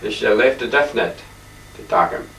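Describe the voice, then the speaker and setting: An older man talks his halting, wandering way through his paintings, often clearing his throat. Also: on the low side, lively intonation, pushed and bright. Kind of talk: rambling casual reminiscence. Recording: echoey room, distant mic, faint hiss.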